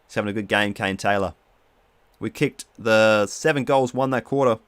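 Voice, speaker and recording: A man's voice: lowish voice, moderate pace, noisy background. A man streaming live, giving chatty play-by-play commentary on a football video game and reading out viewer comments.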